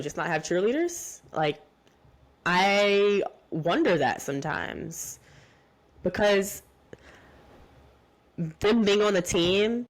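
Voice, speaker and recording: A woman hosting a solo podcast, talking casually and warmly with lots of "like"s and restarts. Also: mid-range voice. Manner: chatty and heartfelt, many "like"s and restarts. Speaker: podcast host.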